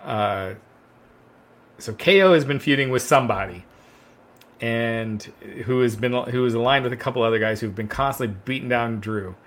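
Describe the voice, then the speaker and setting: Casual co-host, man, mid-pitched, rambling and filler-heavy, a few drinks in. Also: normal speed, a bit bright. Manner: rambling, fills with "uh" and restarts. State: drinking wine, relaxed. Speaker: podcast co-host. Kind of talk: casual wrestling chat.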